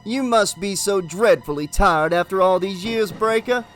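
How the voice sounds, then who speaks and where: Sneering demon salesman, loud and mocking, voiced by a male audiobook reader. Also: high-pitched, moderate pace, faint music behind, natural voice. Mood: taunting. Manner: shouting, taunting, mock southern drawl at times.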